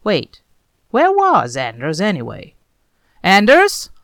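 A woman narrating a story aloud in an expressive, animated reading style. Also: fairly low pitch, normal speed, no room sound.

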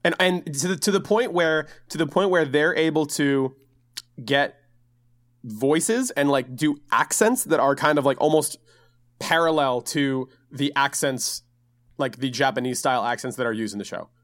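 Young dude podcast cohost, rambly and excitable, voice on the higher side. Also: male voice, normal speed, no room sound, clean studio sound. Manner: animated, rambling, jumps into high excited voices. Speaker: podcast co-host. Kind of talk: casual chat.

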